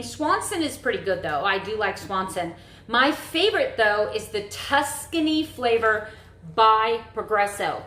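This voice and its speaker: A woman's voice: fairly high pitch, a bit bright, roomy sound, poor audio. A woman chatting casually to her viewers in a home kitchen vlog, rambling with friendly asides. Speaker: vlogger. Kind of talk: casual day-in-the-life vlog chat.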